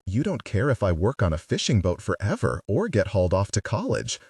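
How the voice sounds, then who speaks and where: A man's voice: fairly low pitch, huge pitch swings, brisk, darkish tone, husky, no echo, recorded from a distance, full character voice. A man reading an audiobook, voicing an angry, defiant teenage girl who speaks in bitter accusations. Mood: accusing.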